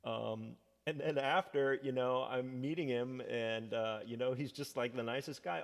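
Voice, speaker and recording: A man's voice: mid-range voice, steady tone, normal speed, vocal fry, hardly any pauses, long reverb tail. A man from the United States hosting a music livestream, telling rambling stories between songs with many fillers. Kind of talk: casual chat between songs.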